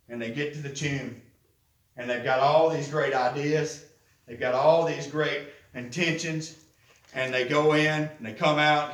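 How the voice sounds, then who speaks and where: A man's voice: mid-range voice, fairly bright tone, echoey room, distant mic, poor audio. A man preaching a sermon as pastor, with rising, impassioned emphasis and lots of repetition.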